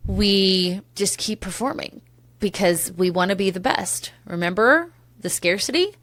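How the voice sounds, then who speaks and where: A woman's voice: mid-range voice, measured pace, a bit bright, no echo. A woman in her thirties hosting a solo podcast, talking candidly and emotionally, swearing casually and drifting into tangents. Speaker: podcast host.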